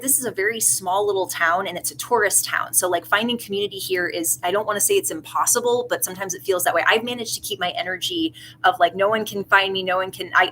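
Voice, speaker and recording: A woman's voice: on the low side, pushed and bright, a little hiss or hum, low-quality recording. A woman doing a tarot reading in a casual, rambling way, earnest and emotional. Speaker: tarot reader.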